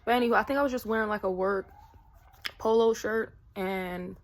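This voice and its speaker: Woman vlogger, mid-pitched, casual storyteller who rambles with fillers. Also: normal speed. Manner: chatty, rambling, many fillers.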